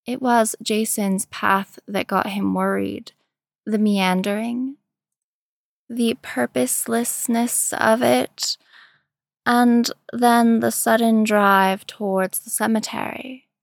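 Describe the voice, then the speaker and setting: A woman reading a story aloud in a slow, measured storytelling manner. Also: fairly high pitch, fairly even intonation, creaky, no echo, studio quality. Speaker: narrator. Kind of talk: fan fiction reading.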